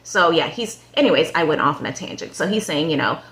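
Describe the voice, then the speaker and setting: In a casual, chatty show recap, a woman talks fast in a low, animated voice with a fairly bright tone. She rambles with plenty of "um," "like," and "you know," sharing her opinions and addressing the people she discusses directly.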